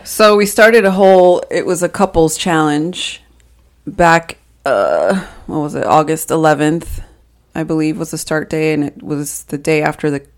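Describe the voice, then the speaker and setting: A woman's voice: sits low, a little slow. A woman, co-hosting a podcast in a rambling, casual way with frequent laughs. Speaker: podcast co-host. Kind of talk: casual chat.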